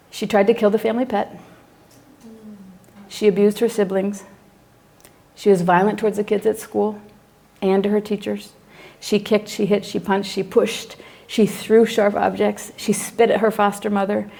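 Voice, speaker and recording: Animated woman telling a clinical story. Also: mid-range voice, gravelly. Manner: animated storyteller acting out her own reactions. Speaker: psychologist teaching a class. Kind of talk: storytelling lecture to a class.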